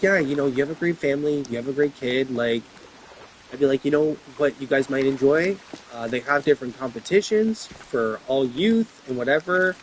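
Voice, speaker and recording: A man's voice: mid-range voice, slight background noise, poor audio. A man telling personal stories in a long, rambling monologue, full of fillers and swearing. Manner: rambling, filler-heavy, profane. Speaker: vlogger.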